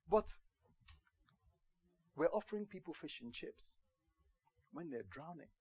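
A man preaching a sermon in a lively, joking storytelling manner. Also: high voice, a little slow, long pauses, breathy edge, no echo.

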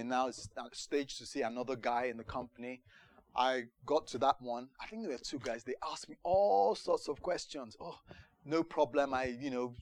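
A man preaching a sermon, telling a personal story in an animated way, laughing at times and acting out the quotes. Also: mid-range voice.

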